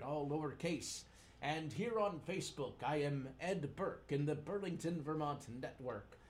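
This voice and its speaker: A man's voice: a little high, a little hiss or hum. A man hosting a live community radio show, chatting casually and joking in playful pirate lingo from a station studio. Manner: jokey, chuckles at his own puns, slips into pirate lingo.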